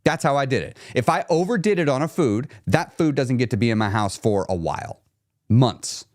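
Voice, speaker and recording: A man coaching a viewer bluntly, challenging her with rapid-fire questions and frank examples. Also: mid-range voice, animated, no echo, studio quality. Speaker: weight-loss coach. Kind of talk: direct coaching talk to a viewer.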